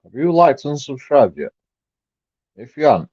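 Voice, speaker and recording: A man, rambling profanely on a live stream and swinging between mumbled asides and loud outbursts. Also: medium pitch, lively intonation, measured pace, no room sound. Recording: dry, dull lo-fi sound.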